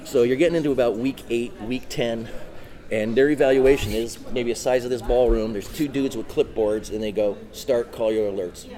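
A middle-aged man, a former deputy and dog handler, telling animated, profane stories as a guest in a casual interview. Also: mid-range voice, brisk.

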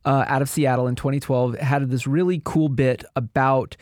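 A man's voice: mid-range voice, fairly even intonation, a little mellow, no echo. Eager guy cohosting a podcast, playful, trips over his words, dry sound. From Pacific Northwest of the US. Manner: enthusiastic, playful, halting. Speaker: podcast co-host. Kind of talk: casual chat.

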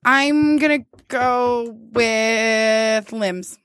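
A woman's voice: on the high side, drawn-out words, fairly bright tone, no room sound, studio quality. A woman co-hosting a podcast, playful and teasing in casual chat. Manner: playful, teasing, laughs easily. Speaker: podcast co-host.

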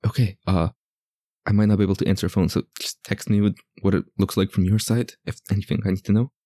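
A man playing an earnest young adventurer with a deep, low-pitched voice, who softens and lowers it to calm a worried friend. Steady and resolved, the character talks in a tabletop game as if over a call. The recording is dry and close. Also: fast talker, dry recording, close to an everyday voice. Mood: determined. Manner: softly lowered, reassuring delivery. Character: earnest young person, quietly determined.

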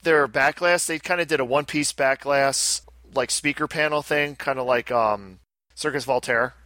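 A male co-host on a casual chat podcast rambles chattily, often breaking off and restarting sentences. His medium-pitched voice is pushed and bright, at a moderate pace, in a dry recording.

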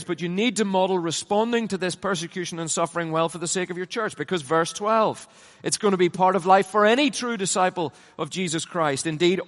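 A middle-aged man preaching from a stage in a large conference hall, his voice sitting a little high for a man. He is emphatic, pushing up to loud passionate peaks, then sinking low and quiet to land a point. A long reverb trails after each phrase. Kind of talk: conference sermon.

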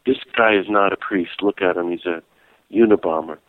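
A man telling a lively story in a casual interview, laughing as he goes. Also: sits low, moderate pace, no room sound. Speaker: guest, peace activist and priest. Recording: tinny phone-like line.

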